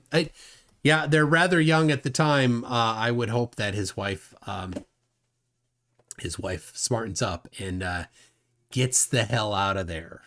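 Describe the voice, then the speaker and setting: Slow, halting man hosting a livestream. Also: medium pitch, fairly bright tone. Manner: unhurried, halting with many fillers. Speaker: livestream host. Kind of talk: casual live-stream commentary.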